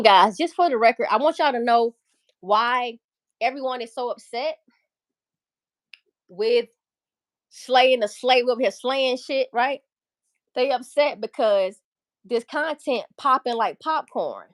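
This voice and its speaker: A woman's voice: a little high, slow pace, long pauses, dry recording, clean studio sound. A woman hosting a casual livestream chat, talking in a candid, emphatic, profane and rambling way. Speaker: livestream host.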